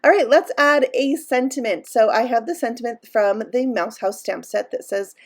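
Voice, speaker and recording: A woman's voice: on the high side, moderate pace. A woman hosting a card-making tutorial, talking chattily and upbeat as she explains each step while she works. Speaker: card-making channel host. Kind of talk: crafting tutorial voice-over.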